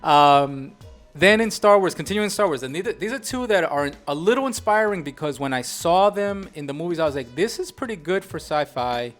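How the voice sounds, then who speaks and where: A middle-aged man with a fairly high voice, hosting a podcast in a loose, animated chat. He often restarts his sentences and goes off on asides, and faint music plays behind him. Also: fairly quick. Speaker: podcast host. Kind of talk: casual chat.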